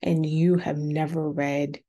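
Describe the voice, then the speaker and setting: A woman's voice: deep voice, takes it slowly. A woman casually recapping a reality TV episode, chatty and acting out the quotes. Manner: chatty, acts out quotes in a lively voice.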